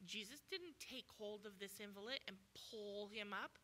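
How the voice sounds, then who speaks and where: A woman preaching a sermon as a guest speaker at a church, animated and acting out the voices of people in the story. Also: medium pitch, moderate pace, slight background noise. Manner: animated, acts out voices in quoted dialogue.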